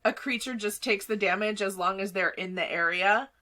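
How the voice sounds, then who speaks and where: A woman narrating as game master for a tabletop game, chatty and quick to laugh. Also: medium pitch, pushed and bright. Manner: laughs often, chatty with fillers.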